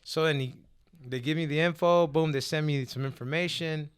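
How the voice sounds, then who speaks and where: Male guest, storytelling, fairly high voice, animated, swears freely. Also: moderate pace, clean tone. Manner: animated, profane, quoting others. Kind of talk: casual storytelling chat.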